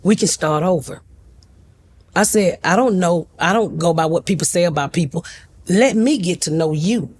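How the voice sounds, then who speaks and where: A woman's voice: on the low side, normal speed, a little mellow. A middle-aged woman, a talk-show guest telling a family story bluntly and animatedly, with comic asides.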